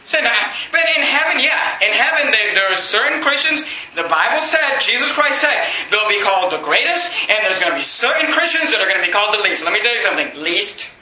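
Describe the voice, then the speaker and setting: A preacher with a very high, piercing bright voice delivers an impassioned sermon in a church. He swings between shouting and sudden hushed drops. The room rings with echo. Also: sing-song, fairly quick, few pauses. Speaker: pastor. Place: church sanctuary.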